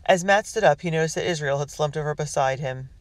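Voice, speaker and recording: A man's voice: on the high side, fast, dry recording. A man narrating a children's adventure story, reading steadily with small slips and restarts. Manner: reads with small slips and restarts, voicing characters. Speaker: audiobook narrator. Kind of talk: scripted narration.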